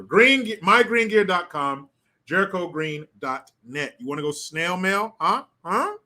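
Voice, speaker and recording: An older man hosting a solo commentary stream, talking in a profane, mocking and animated way. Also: high voice, unhurried. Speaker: political commentary host.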